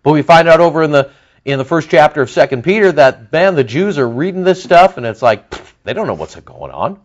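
A man preaching a sermon as pastor, animated, with lively emphasis and asides to his listeners. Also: fairly high pitch, fairly quick, dull audio.

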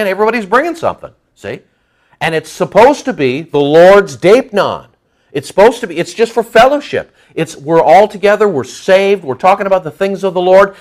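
A man preaching an expository sermon, conversational and animated, acting out the voices of churchgoers. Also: high voice. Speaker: pastor.

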